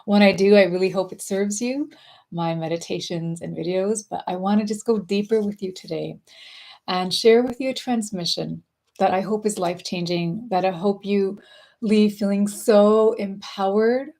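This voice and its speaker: A woman's voice: mid-range voice, moderate pace, darkish tone. Effusive woman hosting a live stream. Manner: effusive, gushing greetings. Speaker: spiritual coach and host. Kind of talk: live-stream talk to viewers.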